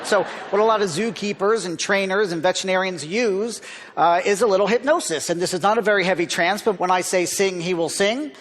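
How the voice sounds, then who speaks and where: A man from Philadelphia doing a stage ventriloquist comedy act, with deadpan showman patter, in a large theater. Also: sits high, fairly quick, big-room sound. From Philadelphia, USA. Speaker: ventriloquist contestant. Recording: loud crowd and stage noise.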